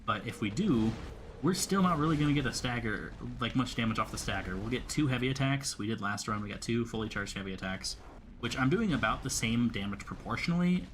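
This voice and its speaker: A man's voice: medium pitch, animated, brisk, a bit bright. A young man rambles over his gameplay in an everyday mid-range voice, swearing and chatting to the enemies on screen. A faint hum of room sound sits under his talk. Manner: rambling, swears freely, talks to the enemy. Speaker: gameplay streamer. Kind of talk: casual gameplay commentary.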